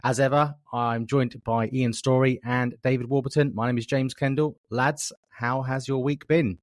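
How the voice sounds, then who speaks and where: A man's voice: mid-range voice, steady tone, moderate pace, no room sound, studio quality. A man hosting a podcast who opens the show and teases his co-hosts in casual banter. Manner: teasing, jokey banter. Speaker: podcast host.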